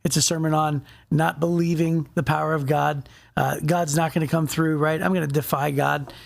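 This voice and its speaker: A man's voice: on the high side, moderate pace, creaky. A man co-hosting a casual Bible discussion podcast, telling stories and acting out quotes. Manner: animated storyteller, acts out quotes. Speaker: podcast co-host.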